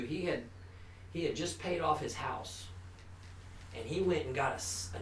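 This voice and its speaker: A man's voice: medium pitch, a bit bright. A man, a recovery counselor, giving an informal, earnest talk to a family group, with restarts and frequent "you know". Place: meeting room. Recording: echoey room, distant mic, faint hum.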